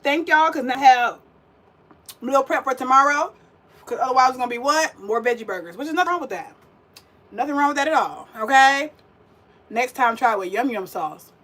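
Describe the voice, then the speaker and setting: A young woman cooks on her vegan livestream, chatting in a sassy, chatty way right at her viewers. Her high-pitched, slightly bright voice has lively intonation, runs a little fast, and pauses often.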